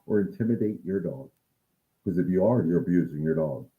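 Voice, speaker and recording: A man's voice: fairly low pitch, narrow, tinny audio. A man who trains dogs, talking casually to his viewers in a livestream Q&A, earnest and coaching. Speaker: dog trainer answering viewer questions.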